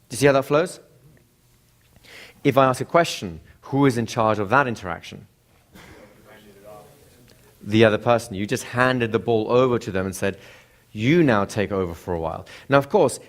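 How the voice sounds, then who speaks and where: A man's voice: medium pitch, animated, normal speed, pauses often. A man teaching a class, who keeps asking the room questions and acts out examples of speech intonation. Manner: asks the room frequent rhetorical questions. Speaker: instructor. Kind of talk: classroom lecture.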